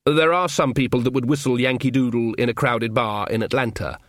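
A man reading a comic fantasy audiobook as narrator, with dry, even delivery. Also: medium pitch, fairly quick, no echo. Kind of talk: scripted narration.

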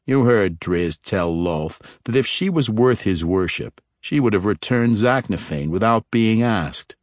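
A man narrating a fantasy story, voicing a sly, probing male dark elf rogue in his own low voice. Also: animated, measured pace, dry recording, studio quality. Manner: probing, slyly teasing.

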